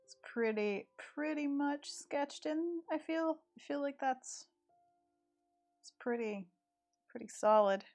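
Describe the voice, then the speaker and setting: A woman with a rural East Tennessee accent talks casually while she draws on a live stream. She thinks aloud in a slightly high voice. Quiet music plays faintly in the background. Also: lively intonation, slow pace.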